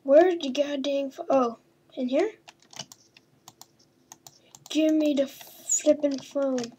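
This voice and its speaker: Speaking slowly in a high voice with a dark tone, a woman hosts a horror-game video, with slight background noise. She's chatty and playful, talks to the game characters, and swears mildly.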